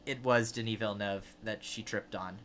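A man in his twenties co-hosting a podcast, telling a lively, self-mocking anecdote in casual chat. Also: lowish voice, moderate pace, a little hiss or hum. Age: 20s. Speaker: podcast co-host.

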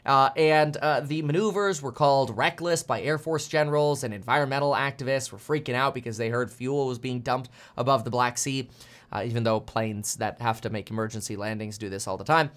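A man's voice: mid-range voice, fairly even intonation, a little fast. A man in his thirties hosting a casual market commentary stream, chatty and jokey, with frequent fillers. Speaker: host.

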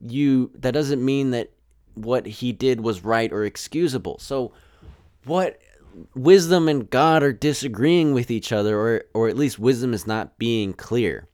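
A man's voice: mid-range voice, a little slow, darkish tone. A man talks through a film in a loose, rambling way, often restarting mid-sentence. His tone leans sarcastic and exasperated. The sound is dry and close, with no room echo. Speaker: film reviewer. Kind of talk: casual spoken commentary.

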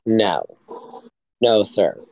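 A man's voice: fairly low pitch, sing-song, extremely slow, gravelly, darkish tone, slight background noise. A man in casual crude chat, blunt and teasing.

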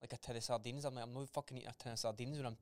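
A man's voice: medium pitch, steady tone, rapid-fire, no room sound. A young man in a casual podcast chat, blunt and swearing freely, acting out remembered conversations. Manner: blunt, swears freely, acts out quoted dialogue. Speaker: podcast co-host.

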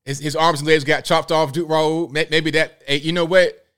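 A male host of a live commentary show, talking in an animated way and firing off rhetorical questions. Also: a little high, normal speed, clean tone, faint music behind.

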